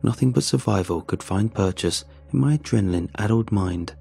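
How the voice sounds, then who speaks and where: Deep gravelly male horror narrator. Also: lively intonation, mellow. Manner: measured, tense storytelling.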